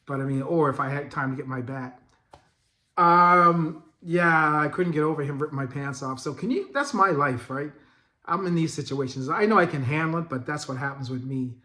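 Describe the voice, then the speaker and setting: A middle-aged man hosting a vlog, telling a story in a loose, profane, animated way and laughing as he goes. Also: a little high, moderate pace. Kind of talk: casual storytelling. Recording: echoey room.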